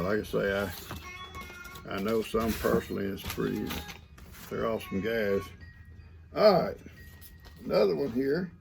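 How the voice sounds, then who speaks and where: An older grandfather talks in a deep, gravelly voice that rises and falls a lot, and the sentences wander along in a folksy way. He reads out mail and chats at an easy pace. Faint sounds of outdoors and animals hang behind him. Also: darkish tone. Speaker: grandfather vlogger. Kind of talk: casual chat reading viewer mail. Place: outdoors on a farm.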